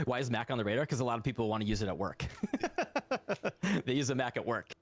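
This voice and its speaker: On a live stream, a man who develops a game tool talks loosely about his project, wandering off topic and laughing often. He speaks fast in a mid-range voice.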